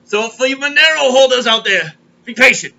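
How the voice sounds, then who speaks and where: A man's voice: extremely high pitch, animated, a little fast, pushed and bright. A man hosting a comedic crypto show, rambling and kvetching as he tells stories. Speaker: podcast host. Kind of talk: comedic crypto market monologue.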